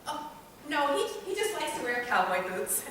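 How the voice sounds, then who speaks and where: A woman's voice: sits high, big pitch swings, moderate pace, a bit bright, slight background noise. A woman on stage playing a fussy, fragile housewife who talks in hesitant, fluttery bursts. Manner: fluttery, hesitant, with many ums and ohs. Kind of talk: stage comedy acting. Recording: echoey stage from far off.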